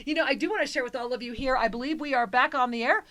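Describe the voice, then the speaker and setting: A woman's voice: high-pitched, racing, pushed and bright. A woman co-hosting a call-in spiritual radio show, effusive and affectionate with the callers.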